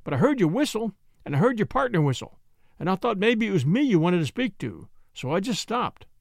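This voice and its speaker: A cocky, fast-talking street boy with a bright, high, bouncing voice, as a male narrator puts him on. He lies smoothly and shrugs everything off, with a gravelly catch in the tone. The recording is dry and close. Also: very animated, no echo, full character voice. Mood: innocent. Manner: flippant, glib, talks his way out. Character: cocky street boy driving a stolen cab. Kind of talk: audiobook character voice.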